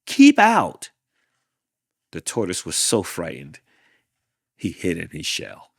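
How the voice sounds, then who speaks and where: A man hosting a show, reading a children's storybook aloud in a deliberate, expressive way. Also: low voice, vocal fry, slightly rough, no echo, studio quality. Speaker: host reading a children's book.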